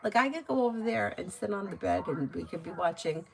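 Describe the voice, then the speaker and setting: A woman giving casual tarot readings on a live stream, chatty and quick to laugh, with lots of fillers. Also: mid-range voice, sing-song, creaky, heavy background noise. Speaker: tarot reader.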